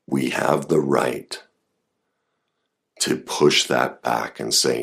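A man's voice: very deep voice, fairly even intonation, extremely slow, creaky, long pauses, fairly bright tone. A man giving an earnest self-help talk on grief and anger, coaching the listener directly. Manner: earnest, coaching, rises sharply when voicing anger. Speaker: therapist or self-help speaker.

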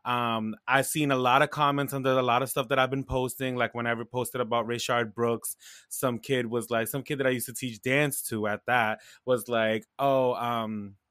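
A man's voice: mid-range voice, little pitch movement, moderate pace, a bit bright, dry recording, studio quality. A man co-hosting a casual podcast chat, emphatic and sassy, repeating his points. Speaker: co-host.

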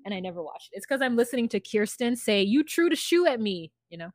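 A woman's voice: fairly high pitch, very animated, fast, no room sound. A woman in her thirties co-hosting a podcast, chatting casually and frankly about reality TV. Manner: frank, blunt opinions with a laugh. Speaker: podcast co-host. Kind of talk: casual chat recapping reality TV.

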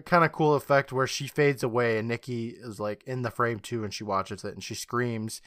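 A man co-hosting a podcast, recapping a TV episode in casual, animated chat and laughing often. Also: medium pitch, no room sound, clean studio sound. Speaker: podcast co-host.

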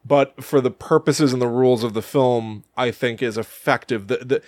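A man co-hosting a podcast, chatting casually about a horror film with sarcastic, deadpan humor. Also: mid-range voice, moderate pace, no echo. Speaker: podcast co-host. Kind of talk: casual film review chat.

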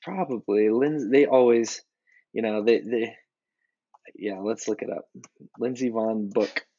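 A man's voice: on the low side, a little slow, mellow, dull audio. A man co-hosting a casual podcast, telling stories in a rambling way with many restarts. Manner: rambling storyteller, frequent restarts. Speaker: podcast co-host. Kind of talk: casual chat.

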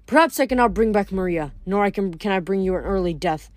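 A woman's voice: medium pitch, lively intonation, normal speed, darkish tone, no echo, lightly acted. A woman voicing a grieving, wrathful male god of the dead in a storybook reading, growling and bitter, with faint music behind. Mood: cursing.

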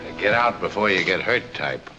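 A man's voice: low-pitched, expressive, fairly quick, music in the background. An actor playing a sardonic, hard-boiled man in an old film noir, talking in a dry, needling way. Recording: dull old film soundtrack with score.

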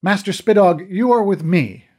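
A man narrating an audiobook voices a stern queen mother who gives measured, overly calm commands. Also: a little high, pitched above the performer's own voice. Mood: commanding.

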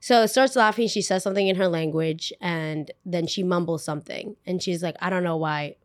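A woman podcast host telling a story in a casual monologue. She talks in an animated, chatty way and uses a lot of "like" asides. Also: fairly low pitch, brisk, no echo, clean studio sound.

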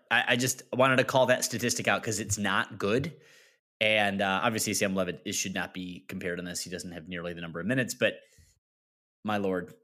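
A man's voice: on the low side, pushed and bright. A man co-hosting a college sports podcast, talking in a rambling, self-correcting way. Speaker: podcast co-host. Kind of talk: casual sports chat.

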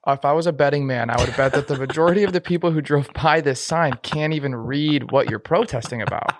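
A man's voice: a little high, fast talker, no echo. A man co-hosting a podcast, laid-back and amused, chiming in with dry remarks. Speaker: podcast co-host. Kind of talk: casual chat.

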